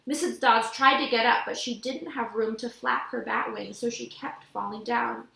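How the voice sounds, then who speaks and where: A woman reading a novel aloud with lively, expressive storytelling, recorded in an echoey room. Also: on the high side, normal speed, vocal fry. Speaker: audiobook reader.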